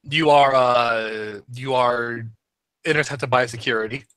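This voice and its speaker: A man running a tabletop game as game master, pausing often with fillers. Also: mid-range voice, steady tone, fairly bright tone, clear, resonant tone, no room sound. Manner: halting, many fillers. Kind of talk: narrating a tabletop game over voice chat.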